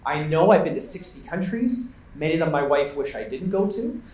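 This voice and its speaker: A man with a Canadian accent speaking on a conference panel, giving an upbeat, joking sales pitch. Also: lively intonation, brisk, darkish tone. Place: large conference hall. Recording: echoey hall sound.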